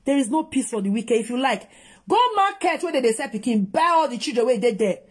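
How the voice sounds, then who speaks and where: Nigerian Pidgin-accented woman vlogger, higher husky voice, scolds hard while reacting to a clip. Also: lively intonation, a little fast. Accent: Nigerian Pidgin English. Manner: scolding, emphatic, switching between English and Pidgin. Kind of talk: reaction commentary on a video.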